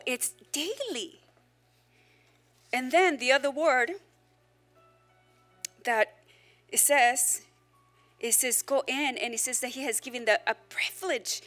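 A woman pastor preaching a sermon in an animated, conversational way, with joking asides to the congregation. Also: sits high, takes it slowly, pauses often, soft background music.

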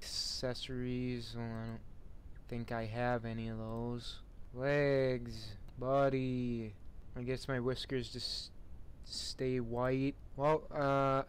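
A man's voice: medium pitch, a little hiss or hum. A young man giving casual, sarcastic commentary while playing a game, mocking what he sees and laughing in bursts. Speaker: gamer.

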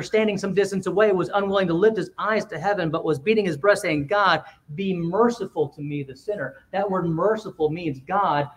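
A man preaching a sermon in a church, emphatic, with quick asides and swings between loud and quiet. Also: sits high. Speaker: pastor.

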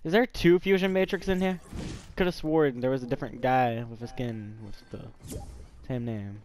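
A man's voice: mid-range voice, normal speed, darkish tone, a little hiss or hum. A young man and student rambling through casual gameplay commentary, talking to his viewers and cursing freely. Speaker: gamer.

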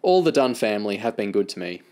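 A man's voice: on the low side, big pitch swings, quick pace, a little mellow. A man doing a tired blunt mother. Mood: uneasy. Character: tired middle-aged mother, blunt and worried.

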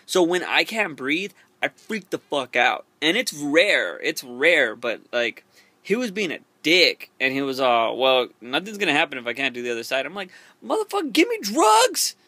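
A man's voice: medium pitch, bright, forceful tone, no echo. A young man casually telling a story to camera in a rambling, profane way, full of fillers and restarts. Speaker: vlogger.

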